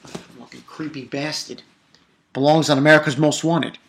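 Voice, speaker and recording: A man's voice: fairly high pitch, steady tone, normal speed, vocal fry, fairly bright tone. A young man casually recapping a cartoon episode, rambling and swearing, with lots of fillers and restarts. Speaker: anime episode reviewer.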